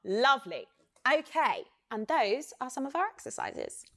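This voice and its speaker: English woman, vocal coach, bright higher voice, cheerful counting, warm-up drills for kids. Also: wildly swooping pitch, a little slow. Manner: encouraging, counting and coaching children. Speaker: singing teacher. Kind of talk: online singing warm-up lesson.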